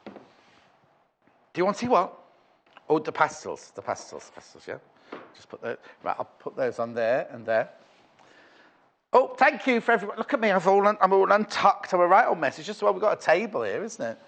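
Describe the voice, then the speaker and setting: A man's voice: high-pitched, sing-song, a little fast, vocal fry, pauses often, fairly bright tone. A man presenting fabric on a live shopping channel, chatting in a rambling, playful way between prices. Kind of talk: live TV sales chat. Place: TV studio.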